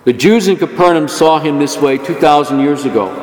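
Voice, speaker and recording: A man's fairly high voice delivers an earnest homily, pressing on the words he gives as God's. It rings around a big church, with a long echo trailing after each phrase. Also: a little fast, darkish tone, slight background noise. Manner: earnest, rising emphasis on quoted words of God. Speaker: priest. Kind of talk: sermon. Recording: echoey church hall.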